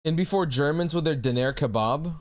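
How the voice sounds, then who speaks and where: A man's voice: fairly high pitch, brisk. A man streaming live who chats casually with his audience in a laid-back way, swearing often and calling people bro.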